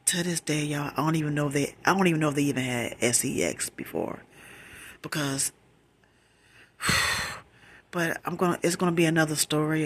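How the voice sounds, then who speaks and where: A woman whispers a personal story close to a phone mic in ASMR storytime fashion. Her whisper is bright and breathy, and her pitch climbs as the retelling grows emotional.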